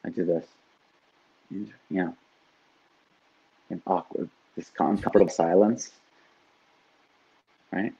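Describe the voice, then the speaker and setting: A life coach's low, warm, husky voice comes through lo-fi, steady and creaky, taking it slowly with frequent pauses. Still, his casual podcast talk is animated, with occasional swearing and lots of "right?".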